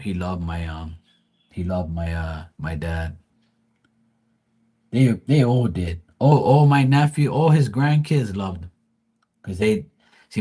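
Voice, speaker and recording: Low-voiced man rambling through grief. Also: a little mellow, husky. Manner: rambling, profane, restarts often. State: grieving. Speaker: tarot reader streamer. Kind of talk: casual livestream talk.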